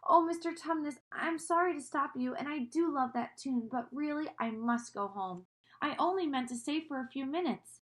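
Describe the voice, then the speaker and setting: A woman reading aloud as Lucy, a kind and earnest little girl whose voice climbs high when she is worried. She pleads and presses with a bright, lifted pitch. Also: normal speed, lightly acted. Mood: apologetic. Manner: pleading, rising to a high cry.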